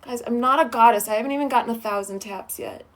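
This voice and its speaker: Woman, livestreamer, high voice, casual chat, greets viewers by name, sweet and affectionate. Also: fast. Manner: chatty, greets viewers by name and reads comments aloud.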